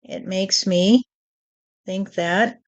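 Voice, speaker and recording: A woman delivers a channeled spiritual message at a very slow, deliberate pace, tucking in "you see" as she goes. Her voice sits at an ordinary middle pitch. The recording is dull and lo-fi.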